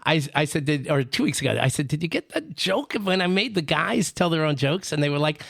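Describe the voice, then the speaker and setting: A man's voice: on the high side, very animated, a little fast, gravelly, hardly any pauses, fairly bright tone, no echo, studio quality. A man co-hosting a podcast, telling rambling, self-amused jokes in casual banter. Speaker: podcast co-host, joke teller.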